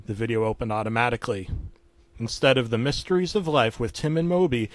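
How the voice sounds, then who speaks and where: A man telling a creepypasta story in a relaxed, conversational voice at a middle pitch. The recording is dry and close, with no room around him. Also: quick pace, dry recording. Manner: casual storytelling, dropping to a hush for gory parts. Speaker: narrator.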